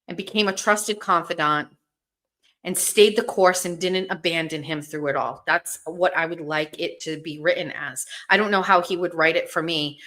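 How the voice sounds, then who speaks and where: Female host, casual stream chat; blunt and profane, rambles, somewhat low voice. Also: sharp tone. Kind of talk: casual livestream talk to viewers.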